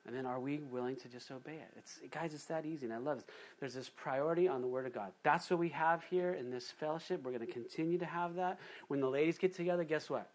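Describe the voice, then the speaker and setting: A man pastor giving a casual, animated Bible study sermon. He voices the imagined speakers himself. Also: on the high side, fairly quick.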